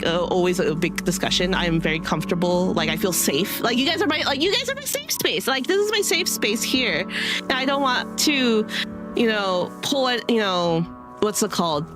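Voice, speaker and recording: A woman streamer talks casually to her viewers, circling her thoughts with fillers and false starts. Her throat sounds a little dry, and soft music plays faintly behind her. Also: medium pitch. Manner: rambling, many fillers and restarts. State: dry throat, clearing it now and then. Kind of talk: casual chat to stream audience.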